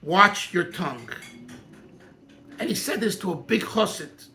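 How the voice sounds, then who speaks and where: A man's voice: high voice, expressive, a little slow, pushed and bright. A man teaching a Torah class as rabbi, emphatic and thinking aloud, often restarting his sentences. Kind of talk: animated Torah class discussion.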